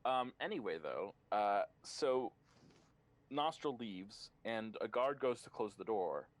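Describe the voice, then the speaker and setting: Man, game master, low pitch, halting casual narration. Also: lively intonation. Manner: hesitant, many ums and uhs.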